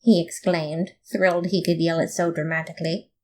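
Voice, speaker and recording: A woman reading a comic fan story aloud in playful, expressive first-person narration. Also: sits low, normal speed, slight background noise. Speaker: podfic reader.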